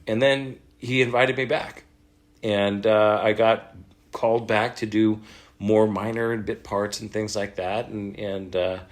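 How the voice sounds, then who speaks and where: A middle-aged man with a lowish voice tells a story from his career in a relaxed interview. He acts out the lines of the people in it and laughs often. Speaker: voice actor guest.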